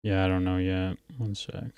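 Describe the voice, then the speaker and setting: A man's voice: deep voice, little pitch movement, moderate pace, darkish tone, clean tone, no echo. A man hosting a casual livestream, chatting loosely with callers and swearing freely. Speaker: livestream host.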